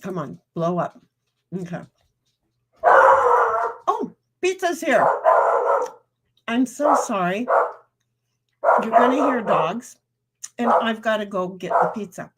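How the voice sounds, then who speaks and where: A woman's voice: medium pitch, animated, a little slow, pauses often, heavy background noise. A woman streamer in casual rambling chat, reading viewer comments aloud and talking while eating.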